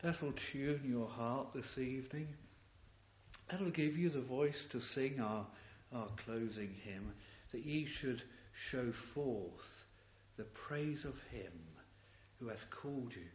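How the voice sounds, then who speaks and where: A man preaching a sermon in a church, impassioned and halting, often repeating words as he builds his points. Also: medium pitch. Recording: dull, hissy, roomy old tape recording.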